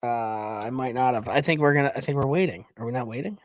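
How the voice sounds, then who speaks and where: A man's voice: medium pitch, quick pace, noisy background. A young man co-hosting a hockey podcast in casual banter, swearing often and calling his co-host "dude". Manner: swears a lot, says "dude".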